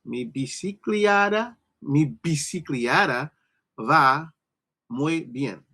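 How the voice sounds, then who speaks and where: Man learning spanish, slow and unsure, bright sharp voice. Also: a little high. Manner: hesitant, careful repetition. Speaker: student. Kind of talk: practicing pronunciation in a lesson.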